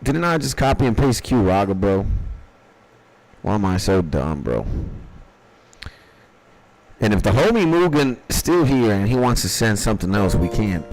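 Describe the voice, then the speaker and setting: A young man livestreaming from his dark bedroom, chatting casually and profanely in a rambling, jokey way as he reviews listeners' beats. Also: lowish voice, big pitch swings, normal speed, long pauses, rough recording. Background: faint music.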